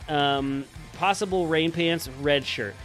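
Young male co-host, loose jokey rambler, slightly high voice, soft music bed. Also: slow. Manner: rambling, filler-heavy, jokey. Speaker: podcast co-host. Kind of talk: casual chat.

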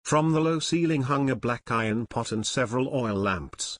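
A man narrating an audiobook in a steady, even storytelling manner. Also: mid-range voice, moderate pace. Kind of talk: scripted narration.

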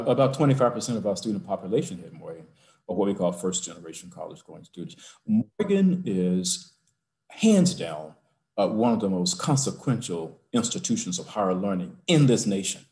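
An older university president with a low, darkish, sing-song voice tells a heartfelt personal story over a video call from his office. He speaks slowly and emotionally, working up to rousing emphasis.

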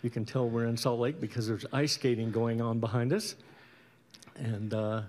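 A middle-aged man from Utah, a bandleader and guitarist, chatting casually between tunes at a concert in an easygoing, rambling way with many pauses and restarts. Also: mid-range voice, steady tone, a little mellow. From Utah, USA. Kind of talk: casual stage banter introducing a concert. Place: indoor concert stage.

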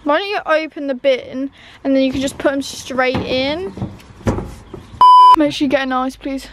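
A woman's voice: high voice, steady tone, normal speed, very noisy. A woman teasing and making sarcastic jokes while standing by a car outdoors.

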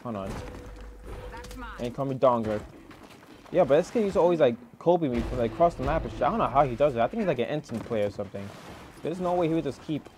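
A young man in mid-range pitch narrates his own gameplay live, rambling and excitable, cursing often. A faint hiss of noise sits under his voice. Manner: excitable, swearing, rambling with many fillers. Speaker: gaming streamer.

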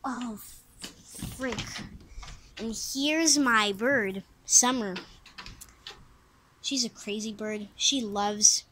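A woman's voice: fairly high pitch, very slow, pauses often, rough recording. A woman vlogging a casual tour of her home, rambling and offhand, chatting to her pets along the way. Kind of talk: casual house-tour vlog. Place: at home, indoors. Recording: loud background noise.

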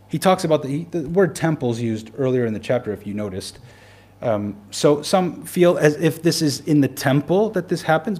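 A man, a pastor, preaching a sermon in an earnest way, slowing down to stress key points and putting rhetorical questions to the congregation. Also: medium pitch, a little mellow.

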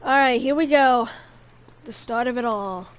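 A woman's voice: fairly high pitch, unhurried. A young woman giving live commentary while playing a video game, chatting with viewers and swearing in frustration.

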